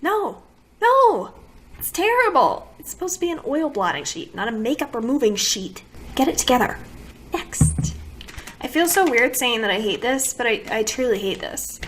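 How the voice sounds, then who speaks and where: A woman's voice: on the high side, lively intonation, normal speed, slight background noise. A woman beauty vlogger giving a casual product review to camera, complaining dramatically and asking exasperated rhetorical questions.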